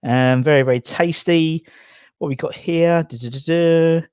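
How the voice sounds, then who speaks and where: A man's voice: on the high side, steady tone, measured pace, clear, resonant tone, no room sound, studio quality. A man from England hosting a casual live stream, rambling and out of breath as he reads out viewer comments. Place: garage.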